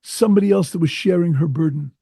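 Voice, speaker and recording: Husky, higher-voiced rabbi telling a story. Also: male voice, fast talker, dark tone, no echo. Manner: earnest, emphatic storyteller. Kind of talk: sermon with storytelling.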